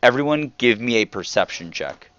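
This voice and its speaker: A man narrating as dungeon master, halting and full of ums as he describes the scene. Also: medium pitch, very animated, fairly bright tone. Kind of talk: narrating a tabletop game. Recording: dull lo-fi sound.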